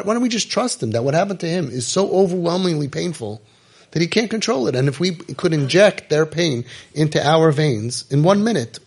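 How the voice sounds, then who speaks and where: A middle-aged man telling a story and giving advice, emphatic, repeating phrases and dropping to quiet intensity. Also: fairly high pitch, vocal fry, breathy edge. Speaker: rabbi giving parenting advice. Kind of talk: impassioned storytelling talk.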